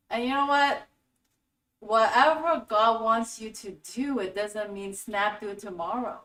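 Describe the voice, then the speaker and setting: Animated woman teaching spiritual lessons. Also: fairly high pitch, measured pace. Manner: animated storytelling with acted-out quotes. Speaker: host. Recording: echoey room, voice from a distance.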